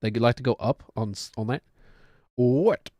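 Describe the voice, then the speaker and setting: A man's voice: fairly low pitch, fairly even intonation, quick pace, darkish tone, no room sound, studio quality. A man in his thirties with a New Zealand accent, chatting casually while he plays a game and cracks self-mocking jokes. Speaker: streamer.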